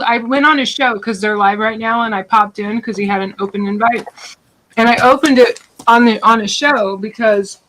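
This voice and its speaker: Bright-voiced chatty woman guest. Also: fairly high pitch, rough recording. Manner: chatty, jokey, quick to laugh. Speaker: guest on a live stream. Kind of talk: casual chat.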